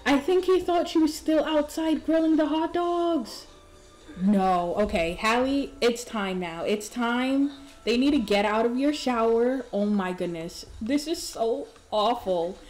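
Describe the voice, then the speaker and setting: A woman hosting a game channel, giving excitable let's-play commentary with gasps and exclamations. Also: on the high side, measured pace. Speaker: gaming channel host.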